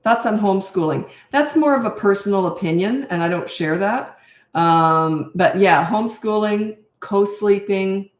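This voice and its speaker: A woman's voice: mid-range voice, unhurried, reverberant. An older woman coaching parents, answering viewer questions in a blunt, emphatic way and repeating her key points.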